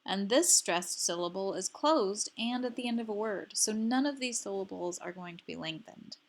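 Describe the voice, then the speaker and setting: A woman teaching a language lesson, explaining syllables slowly and repeating each example word carefully for learners. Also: medium pitch, expressive. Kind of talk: slow instructional explanation.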